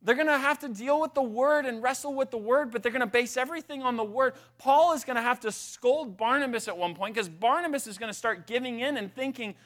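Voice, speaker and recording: Bright, high-voiced male preacher. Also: fairly quick, few pauses. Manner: conversational, emphatic, frequent restarts and asides. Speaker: pastor. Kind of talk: sermon.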